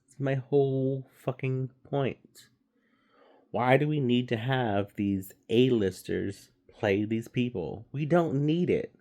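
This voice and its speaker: A man's voice: mid-range voice, slow pace, dark tone. A man giving a casual, rambling movie review, swearing freely and stumbling through fillers and restarts.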